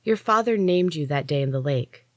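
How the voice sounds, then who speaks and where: A woman voicing a gruff, begrudging young woman warrior in an audiobook reading, blunt and weary. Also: low-pitched, animated, normal speed, dry recording, studio quality.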